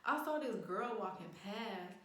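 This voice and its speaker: Animated swearing young woman, echoey room. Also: medium pitch, a little slow. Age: young adult. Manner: animated, profane, acts out quotes. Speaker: vlogger. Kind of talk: casual storytime chat.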